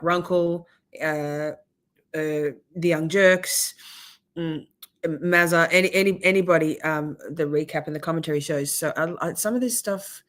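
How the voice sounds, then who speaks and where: A woman's voice: sits low, a bit bright. Sarcastic, foul-mouthed woman streamer. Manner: sarcastic, profane, chatty with live chat. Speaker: livestream commentary host. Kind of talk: casual commentary on trial clips.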